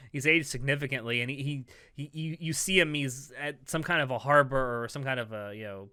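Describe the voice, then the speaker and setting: A man co-hosts a relaxed podcast conversation with a bright, smooth voice. He is chatty, laughs easily and talks through plot points at length. His voice sounds dry and close, with no room around it. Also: mid-range voice, normal speed, no room sound. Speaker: podcast co-host. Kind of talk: casual podcast review chat.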